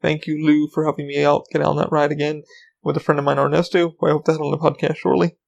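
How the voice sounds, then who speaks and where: A man's voice: fairly high pitch, monotone, quick pace, gravelly, highs cut off. A man hosting his own podcast, chatting casually and rambling with lots of ums and swearing. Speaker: podcast host. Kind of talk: casual solo podcast chat.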